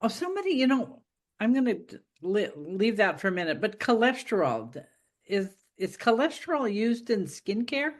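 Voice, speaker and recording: A woman's voice: mid-range voice, big pitch swings, normal speed. A woman host and author in a casual talk. She muses and thinks aloud, breaking off and restarting her sentences. Her voice sits in a middle register. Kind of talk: casual conversation.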